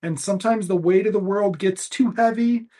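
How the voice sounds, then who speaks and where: A man voicing a pompous male doctor from the nineties, lecturing in a slow, preachy, solemn way. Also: high-pitched, mellow.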